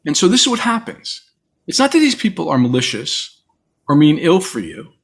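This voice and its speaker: A man's voice: fairly high pitch, wildly swooping pitch, moderate pace, creaky, fairly bright tone, breathy edge. A man guest in a reflective conversation, telling stories and acting out the voices of people he quotes. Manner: storytelling, acts out quoted voices. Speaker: interview guest.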